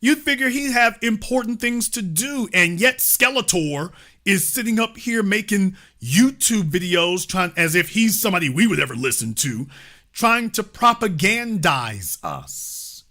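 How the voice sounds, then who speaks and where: A man hosting a political commentary show, speaking emphatically with rhetorical questions and drawn-out stresses. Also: high voice, lively intonation, pushed and bright.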